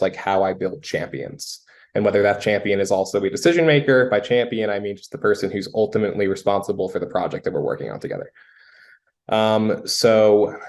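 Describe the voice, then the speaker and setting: A young man with a fairly low voice recounts a sales story in a relaxed, conversational way. He fills his sentences with "um" and "you know" as he works through his thoughts, like a guest on a casual interview podcast. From United States. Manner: relaxed storytelling with frequent fillers.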